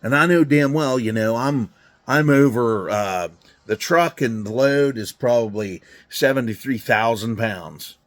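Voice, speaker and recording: A man's voice: medium pitch, a little slow. A middle-aged man telling a story in a garage, blunt and full of swearing, acting out both sides of a conversation. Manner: profane, blunt, acts out dialogue. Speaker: truck driver telling a story. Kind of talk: casual storytelling. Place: garage during a car event.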